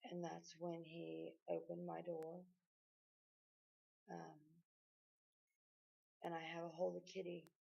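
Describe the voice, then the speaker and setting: Gravelly, husky woman recounting an ordeal. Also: lowish voice, completely flat delivery, mellow, highs cut off. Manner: halting, emotional retelling with many restarts. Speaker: person recounting an arrest. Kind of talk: personal spoken account.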